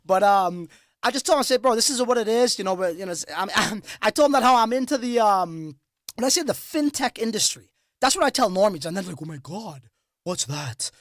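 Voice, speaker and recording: A man hosting a livestream, telling stories in casual, profane, animated chat. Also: high voice, fast talker, no room sound, clean studio sound. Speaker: crypto livestream host.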